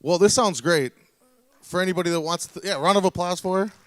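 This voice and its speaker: A man calling bids at a live charity auction, chanting the numbers in quick repeating runs. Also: high-pitched, a bit bright. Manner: rapid rhythmic bid calling. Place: church hall fundraiser.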